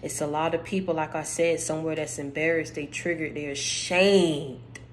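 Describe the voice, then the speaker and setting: A woman delivering a spiritual encouragement message, speaking emphatically and straight to the listener, repeating her points, with her voice going hoarse. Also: deep voice, fairly even intonation, moderate pace, a little hiss or hum, poor audio. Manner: emphatic, repeats phrases, addresses listener directly. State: losing her voice.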